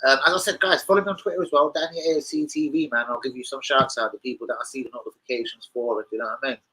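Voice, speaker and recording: Sweary football streamer, bright voice. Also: male voice, mid-range voice, very fast, rough recording. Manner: sweary, rambling, animated banter with chat. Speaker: football channel livestream host. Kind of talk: casual live-stream chat.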